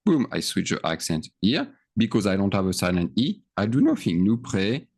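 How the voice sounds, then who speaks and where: A man's voice: fairly low pitch, very animated, a little fast, darkish tone. A man teaching verb endings, patiently checking in with his students as he writes. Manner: patient, checks in often, stretches words out. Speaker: French teacher. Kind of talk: slow explanatory grammar lesson.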